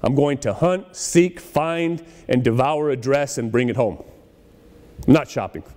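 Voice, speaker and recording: A man's voice: mid-range voice, measured pace, a little mellow. Man preaching in an echoing church. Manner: conversational preaching with acted-out quotes. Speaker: pastor. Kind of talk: sermon.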